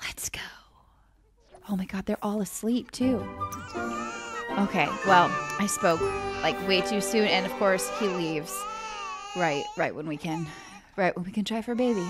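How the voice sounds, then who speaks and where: A woman's voice: medium pitch, measured pace, pauses often, over music. A young woman hosting a casual let's-play, chatting animatedly with her viewers while she plays. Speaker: gaming channel host.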